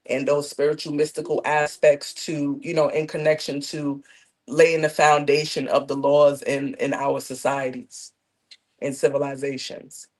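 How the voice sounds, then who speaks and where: A woman's voice: low-pitched, a little mellow. Reflective woman in easy conversation. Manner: reflective, many "you know" fillers. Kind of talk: conversational discussion.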